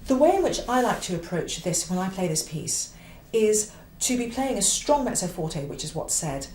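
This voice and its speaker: A woman teaching the oboe, talking through a piece with clear, emphatic explanations and the odd sung phrase. Her voice carries in a roomy space with a faint hiss behind it. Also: mid-range voice, big pitch swings, normal speed, darkish tone. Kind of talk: instructional explanation.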